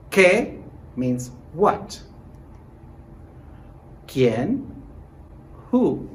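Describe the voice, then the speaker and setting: Man teaching with lively intonation. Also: a little high, slight background noise, rough recording. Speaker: Spanish teacher. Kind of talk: recorded language lesson.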